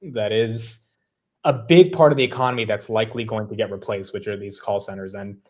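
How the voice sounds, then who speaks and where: A man's voice: lowish voice, fairly quick. A man hosting a market show, reading headlines and chatting casually. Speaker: host. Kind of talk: market news chat.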